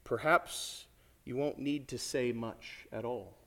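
A brave little girl speaks softly but resolutely, as a man reads her aloud. She is humble and bold, straight from a storybook. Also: mid-range voice, steady tone, slow, voice pushed down.

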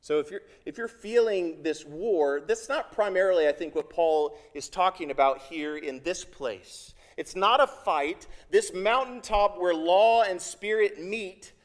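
A man preaching from the pulpit, his voice sitting higher than most men's. He is earnest and emphatic and leans on repeated phrases to drive each point home. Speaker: pastor. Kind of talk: sermon.

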